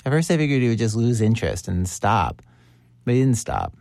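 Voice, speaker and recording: A man hosting a documentary audio show, narrating a story calmly and putting questions to his guests. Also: mid-range voice, fairly quick, creaky, no echo, studio quality. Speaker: host and interviewer.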